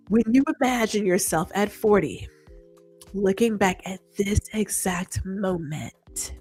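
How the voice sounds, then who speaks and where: A woman hosting a podcast, talking in a chatty, animated way and reading out viewer comments. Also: mid-range voice, slow pace, slightly rough, faint music behind. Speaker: podcast host. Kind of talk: casual interview chat.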